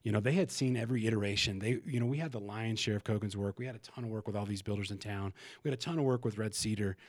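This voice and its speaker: Low-voiced guy on a podcast, raw and frank, swears a lot, stumbles and restarts, dry close mic. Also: very fast, no echo. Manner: emotional and frank, swears, frequent restarts and fillers. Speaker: podcast guest. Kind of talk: candid conversational storytelling.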